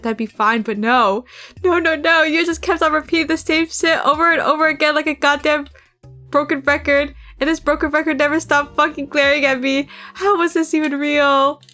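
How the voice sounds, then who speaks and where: A young woman on a livestream reads a visual novel aloud in a fairly high voice, casual and profane, leaning into its dramatic passages. Faint game music plays behind her. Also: steady tone, a little fast, sharp tone. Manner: casual, profane, laughs at the script. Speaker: streamer.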